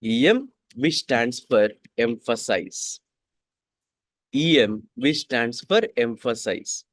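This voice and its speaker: Slow man repeating every line. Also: medium pitch, lively intonation, dry recording, studio quality. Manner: repeats each sentence twice, slow and deliberate. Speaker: coding instructor. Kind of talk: classroom coding lesson.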